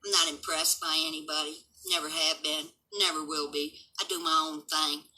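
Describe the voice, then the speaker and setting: Brief: older woman, 70s, home livestream host; combative and unfiltered, piercingly bright timbre. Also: low-pitched, steady tone, normal speed, poor audio. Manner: blunt, combative, swearing, defiant. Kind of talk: unscripted livestream rant.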